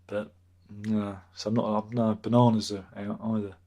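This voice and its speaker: Pitched lowish with little movement, his dark-toned voice keeps a moderate pace. He's a British man in his fifties running a casual live stream, rambling over viewer comments, cracking crude jokes and repeating himself a lot.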